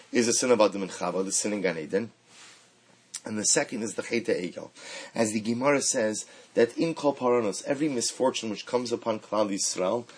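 A man teaching a Torah lesson, mixing Hebrew quotes into animated rhetorical questions. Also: on the low side, husky, rough recording. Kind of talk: Torah class on the weekly portion.

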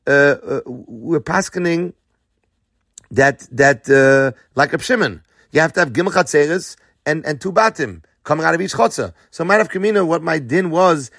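A man's voice: a little high, gravelly, a bit bright, dry recording, clean studio sound. A man teaching a Talmud lesson, reading Aramaic phrases and then explaining them in English, posing questions and answering them himself.

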